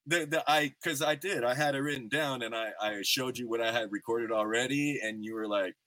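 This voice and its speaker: A man's voice: medium pitch, a little fast, pushed and bright, dry recording. A man in his thirties hosting a podcast, telling stories in a laid-back, slangy way with lots of fillers. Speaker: podcast host. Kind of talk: casual interview chat.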